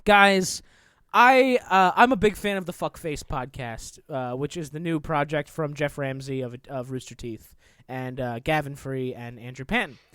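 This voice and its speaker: Male podcast host, high voice, dry close sound, rambling casual gaming chat. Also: normal speed, a bit bright, smooth, no echo. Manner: rambling, filler-heavy, playful.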